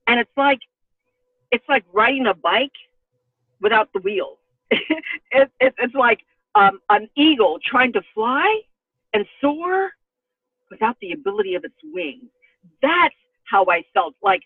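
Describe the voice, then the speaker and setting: A middle-aged woman, a former news anchor, telling her own story as a guest in an emphatic, expressive way. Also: on the high side, measured pace, husky, no room sound. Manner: emphatic and expressive, voice rising with feeling. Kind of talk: personal storytelling in a podcast interview. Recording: tinny phone-line audio.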